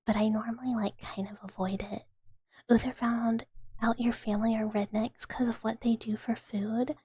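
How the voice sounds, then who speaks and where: Very breathy whispering woman. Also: on the high side, dry recording. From Southern United States. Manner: soft whisper, rambling and chatty with many fillers. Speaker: streamer. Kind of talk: whispered ASMR live stream chat.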